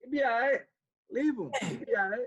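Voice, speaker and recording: A man co-hosting a podcast, telling stories in relaxed, slangy casual chat. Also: extremely high pitch, fairly quick. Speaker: podcast co-host.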